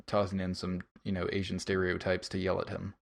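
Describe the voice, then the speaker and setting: A man's voice: low-pitched, completely flat delivery, a little fast, gravelly. A man co-hosting a film podcast in casual chat, bluntly picking apart scenes and swearing freely. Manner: blunt, profane, picks apart details. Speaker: podcast co-host.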